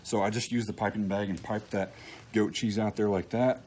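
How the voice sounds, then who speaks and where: A man walking through a recipe in a relaxed, folksy way, with plenty of ums and restarts. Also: on the low side, moderate pace, a little hiss or hum, rough recording. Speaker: cook team captain demonstrating a recipe. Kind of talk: casual cooking demonstration. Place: outdoor grill setup.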